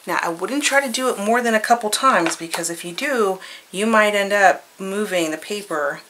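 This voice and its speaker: Bright-voiced woman demonstrating a craft. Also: medium pitch, moderate pace, a little hiss or hum, poor audio. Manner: chatty, cheerful, thinks aloud while working. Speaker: craft tutorial host.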